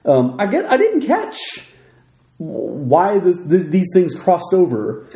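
A relaxed man chatting through an episode recap, his voice dark and mellow. He pauses often with fillers and restarts. The sound carries a roomy echo. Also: sits high. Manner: relaxed, hesitant, many fillers. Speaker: podcast co-host. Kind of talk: casual chat recapping a TV episode. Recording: echoey room.

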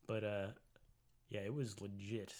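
A man in his forties from Tennessee, co-hosting a podcast and telling a story in loose casual chat, full of "like" fillers, jumping into a high voice for quotes. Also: level tone, unhurried, a little mellow. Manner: rambling, lots of "like" fillers, acts out quotes in a high voice. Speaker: podcast co-host.

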